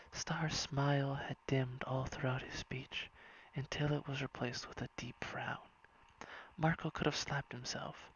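A reader narrating a whispered bedtime story in a soft, hushed and unhurried way. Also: mid-range voice, gravelly, slightly rough. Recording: dull lo-fi recording.

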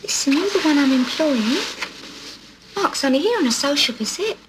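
A chirpy would-be-posh aunt. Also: female voice, sits high, expressive, normal speed, noisy background. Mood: coaxing. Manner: chirpy, coaxing, sing-song. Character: prim chatty middle-aged woman trying to sound posh. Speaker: employer. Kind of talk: 1980s film drama acting.

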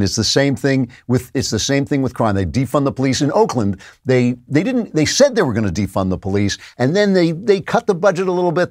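A man's voice: mid-range voice, a little mellow, no room sound, studio quality. A man hosting a political commentary show, delivering a sarcastic, incredulous monologue with laughter at the clips. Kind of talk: opinionated monologue.

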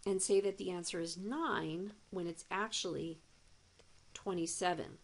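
A female math teacher with a medium-pitched voice walks through a recorded demo lesson step by step. She paces herself deliberately and drops in playful asides.

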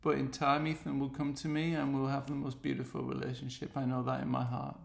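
A man's voice: mid-range voice, little pitch movement, fairly quick, creaky, reverberant. An English man with an earnest, heartfelt and pleading manner, speaking straight to the camera in a personal video message.

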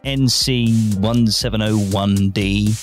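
A man's voice: on the low side, fairly even intonation, slow pace, faint music behind. A man co-hosting a podcast, chatting in a jokey, rambling way with many restarts. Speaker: podcast co-host. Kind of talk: casual chat.

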